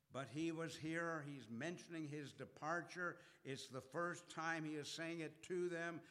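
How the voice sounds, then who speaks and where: A male preacher delivers a sermon at a mid-range pitch. His voice swells loud on quoted verses and falls soft and low between them. A long reverb hangs after each phrase, as in a large church.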